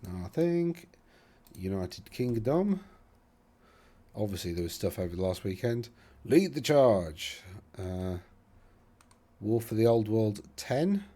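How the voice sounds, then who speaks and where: Man, host, low pitch, dark relaxed tone, rambling, thinks out loud, self-deprecating, casual commentary. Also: takes it slowly, pauses often. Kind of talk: casual commentary while browsing tournament results.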